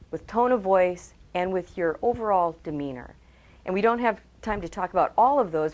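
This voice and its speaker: In a webcast on public speaking, a communication trainer speaks with a mid-range voice and plenty of energy. She asks her audience direct questions and performs quotes in different voices.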